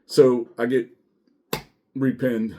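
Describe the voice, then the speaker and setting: A man's voice: mid-range voice, level tone, slow, warm tone, a little hiss or hum. A man, a former deputy, telling a blunt, profane story casually to camera and quoting others as he goes. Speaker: former sheriff's deputy and diver.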